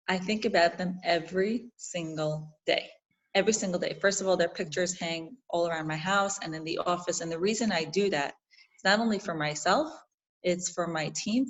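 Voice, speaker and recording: Brooklyn woman, New York accent, lowish voice, animated storyteller, guest interview. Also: rough recording. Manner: animated storytelling, frequent restarts. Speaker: guest, jewelry designer. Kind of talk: casual interview.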